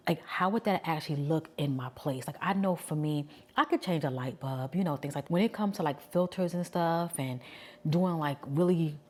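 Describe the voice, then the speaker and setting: Forties woman, New York accent, deep-set low voice; casual, candid vlogger talk. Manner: chatty, candid, thinking out loud.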